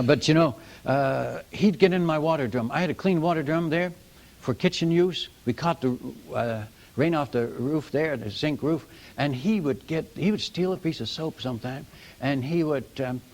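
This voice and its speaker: An older man, a missionary preacher, telling stories from the pulpit in a folksy, animated sermon style, calling the audience folks and friends. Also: mid-range voice, vocal fry. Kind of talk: storytelling sermon.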